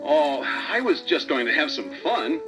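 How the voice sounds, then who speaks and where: An eager young cat-warrior lord who shouts his battle cries, as a man puts him on for a storybook. The voice sits high and swings lively up and down, with music clearly underneath. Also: measured pace, echoey room, in a large hall, poor audio. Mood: sheepish.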